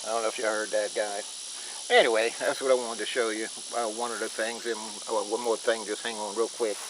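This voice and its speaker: Folksy man vlogging outdoors, loud crickets. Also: lowish voice, little pitch movement, fairly quick, noisy background. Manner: folksy, talks straight to viewers as "y'all" and "guys". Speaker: homestead vlogger. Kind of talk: casual chat to camera. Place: outdoors on a rural homestead.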